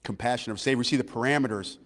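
Preacher in an echoing hall. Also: male voice, mid-range voice, rapid-fire. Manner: swings between loud preaching and hushed, quiet lines. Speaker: pastor. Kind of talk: sermon.

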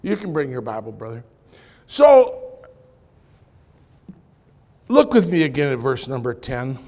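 A man preaching a sermon in church, swinging from loud punchlines to quiet, confiding asides as he tells stories. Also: medium pitch, very animated, measured pace. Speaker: pastor. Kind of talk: sermon with storytelling.

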